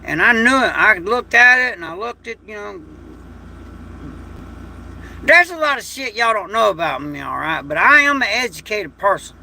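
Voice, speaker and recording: A man's voice: high voice, sing-song, moderate pace, vocal fry, sharp tone, a little hiss or hum. A man, hosting a casual livestream chat from home at night, talking in a rambling, folksy and emotional way. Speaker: livestream host.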